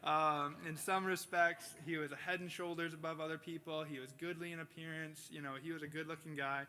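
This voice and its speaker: Bright-voiced male pastor preaching. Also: on the high side, a little fast. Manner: casual storytelling with bursts of animated impressions. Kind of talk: sermon. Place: church sanctuary.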